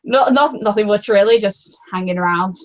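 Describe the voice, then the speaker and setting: A woman's voice: medium pitch, moderate pace. A woman chatting casually as a guest, hesitant, with many restarts and fillers. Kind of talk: casual chat.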